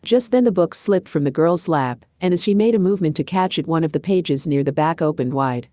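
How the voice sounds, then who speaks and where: Low-voiced woman reading a storybook. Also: a little fast, mellow, dry recording, clean studio sound. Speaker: narrator. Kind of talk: scripted storybook narration.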